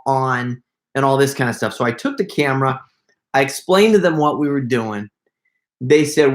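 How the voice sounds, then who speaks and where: A middle-aged man hosting a casual live Q&A, telling stories in an excitable, rambling way full of quick asides. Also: mid-range voice. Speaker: prank video creator hosting a live Q&A. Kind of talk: casual livestream chat.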